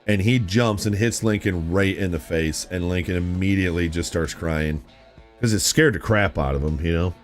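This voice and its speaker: Over soft background music, a man with a low voice chats casually with viewers on a gaming live stream at a moderate pace. He's an animated storyteller who rambles through his stories and blurts out reactions.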